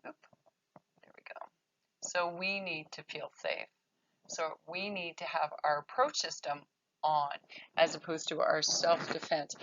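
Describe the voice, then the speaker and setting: A woman's voice: low-pitched, fairly even intonation, a little slow, a bit bright, highs cut off, slight background noise. A woman child therapist giving a conversational workshop lecture, often checking in with her audience.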